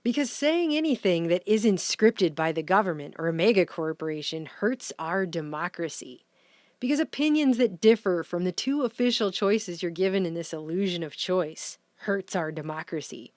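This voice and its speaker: A woman's voice: fairly low pitch, animated, normal speed, no echo, studio quality. A woman giving opinion commentary in a sarcastic, indignant way, picking up speed when she gets worked up.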